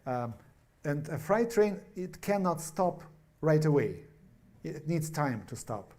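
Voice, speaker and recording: A man, a pastor preaching a sermon in a church, halting and restarting words with many fillers. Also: fairly high pitch, very animated, dark tone.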